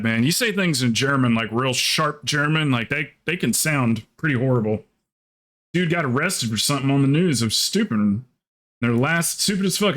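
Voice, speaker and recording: A man from South Carolina, USA, streams a game and chats casually, telling rambling, jokey stories. His voice is medium-pitched with a fairly bright tone.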